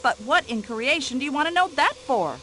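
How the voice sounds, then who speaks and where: A brash older American widow in a mystery game, with an American accent and a fussy, indignant manner. Her voice is bright and high, and it swoops all over as she complains. She chatters on with nosy opinions. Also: animated, fairly quick, slight background noise. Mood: gossipy. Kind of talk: video game voice acting.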